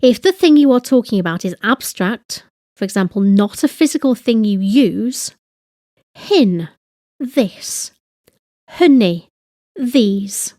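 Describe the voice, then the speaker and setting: A woman giving a slow, deliberate grammar lesson, reading example phrases and translating them. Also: on the high side, expressive, dark tone, dry recording, studio quality. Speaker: language teacher.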